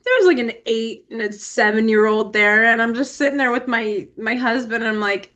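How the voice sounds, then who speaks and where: A young woman co-hosting a casual podcast, her voice sitting high. She tells stories with plenty of energy, laughing often and acting out each scene. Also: moderate pace, hardly any pauses. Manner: animated storyteller, laughs often, acts out scenes. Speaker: podcast co-host. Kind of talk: casual chat.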